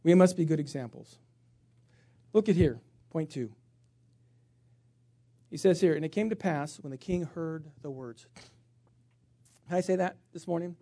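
A middle-aged male pastor preaching a sermon, swinging from hushed tones to shouting and acting out funny stories. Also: high voice, expressive, fairly quick, long pauses. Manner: acts out funny stories with voices.

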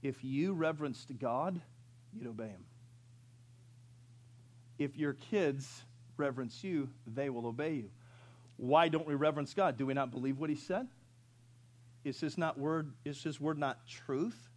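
A man's voice: a little high, a little slow, pauses often. A man in his fifties preaching a sermon, who tells funny stories and asks the congregation questions. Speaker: pastor.

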